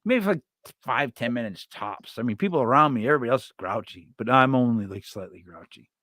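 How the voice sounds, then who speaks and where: A man hosting a live stream, chatting casually and telling stories with lots of restarts and sudden loud yells. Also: mid-range voice, lively intonation, quick pace, no echo, studio quality. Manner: rambling storyteller with many restarts, bursts into loud yells. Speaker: livestream host.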